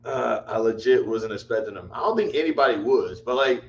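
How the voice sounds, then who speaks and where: A man's voice: medium pitch, lively intonation, brisk. A man hosting a casual livestream chat, rambling and repeating himself in exasperation. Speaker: livestream host. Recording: echoey room, dull lo-fi mic, faint hum.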